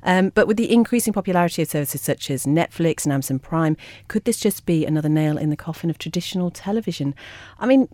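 Low-voiced chatty woman presenter. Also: animated, fast, hardly any pauses, a little mellow, dry recording. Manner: chatty, rambling, self-mocking asides. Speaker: radio presenter. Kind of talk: radio chat show, reading news items. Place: radio studio.

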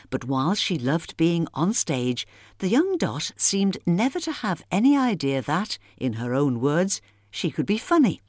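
A woman's voice: lowish voice, darkish tone, no echo, studio quality. A woman presenter reading a scripted narration that links the interview clips.

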